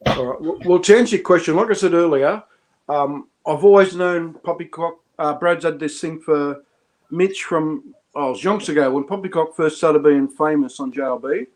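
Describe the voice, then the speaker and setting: A man talking casually as a stream guest, voice sitting a little high. He rambles, restarts his sentences and chuckles as he goes. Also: moderate pace, darkish tone. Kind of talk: casual chat.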